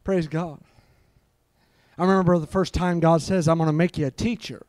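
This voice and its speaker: Middle-aged male preacher, fervent and exclamatory, slightly high-pitched, dry sound. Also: fairly even intonation, normal speed, darkish tone, no room sound. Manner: fervent, peppered with hallelujahs. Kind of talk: live sermon.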